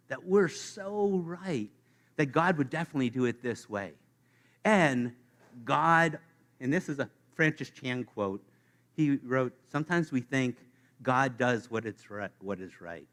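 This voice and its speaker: A man preaching a sermon to his congregation, playful and animated, speaking straight to the listeners. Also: on the high side. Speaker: pastor. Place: church sanctuary.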